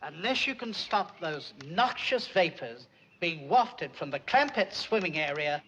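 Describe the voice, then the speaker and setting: An actor playing a prim, timid butler with stiff, formal diction, in a 1960s sitcom. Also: male voice, a little high, sing-song, unhurried, bright, forceful tone, lo-fi sound, a little hiss or hum, exaggerated voice.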